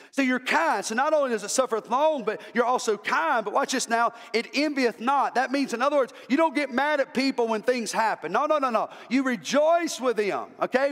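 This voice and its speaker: A man's voice: extremely high pitch, a bit bright, in a large hall. A male pastor preaching an impassioned sermon, repeating words as he builds to emphatic calls. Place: church sanctuary.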